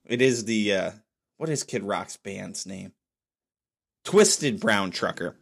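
A man's voice: slow pace, vocal fry, breathy edge. Profane rambling male podcast host. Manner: rambling, profane, lively pitch swings. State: drinking beer while recording. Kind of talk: casual solo podcast monologue.

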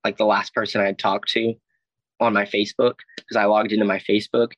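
A young man from Alabama, a guest telling his own story, talks fast in a rambling, casual way, heavy on "like" and "I was like," and swears often. His voice is on the low side, flat and fairly bright, with no echo, in a rough recording.

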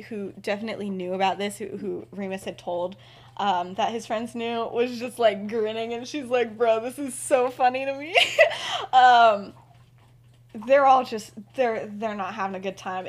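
A woman's voice: medium pitch, steady tone, normal speed. A young woman podcast host casually retelling a story, chatty and giggly, with lots of fillers.

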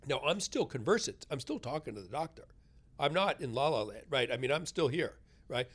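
A writer in an interview, telling a personal story with animated delivery and acted-out quotes. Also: male voice, mid-range voice, normal speed, slightly rough. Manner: animated, acts out quoted voices. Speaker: guest, writer.

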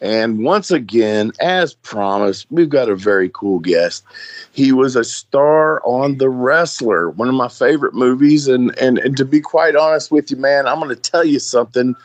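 A man's voice: medium pitch, animated, normal speed, no room sound. A middle-aged man hosting a podcast interview, friendly and open, laughing often and stumbling over repeated words. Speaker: podcast host. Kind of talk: casual interview chat.

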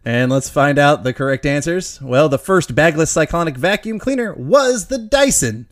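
An upbeat man hosting a casual trivia game show, laughing easily. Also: mid-range voice.

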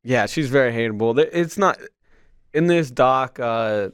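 A man hosting a casual chat, relaxed and easygoing, reading out questions from listeners. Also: mid-range voice, a little slow, clean tone, no room sound, studio quality. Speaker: podcast host reading audience questions.

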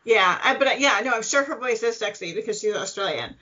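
A woman hosting a podcast in a bright, fairly high voice, chatting casually and laughing as she reads out mail. The sound is a little dull and lo-fi. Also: animated, fast. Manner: upbeat, laughing, reads listener mail aloud. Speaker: podcast host.

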